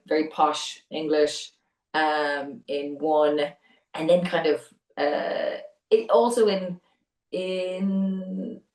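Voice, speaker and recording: A young adult Irish woman, a voice actor chatting in an interview, talkative and quick to laugh. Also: lowish voice, darkish tone, reverberant, far from the mic, rough recording. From Ireland. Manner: chatty, laughs often, many restarts. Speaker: voice actor guest. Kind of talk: casual interview chat.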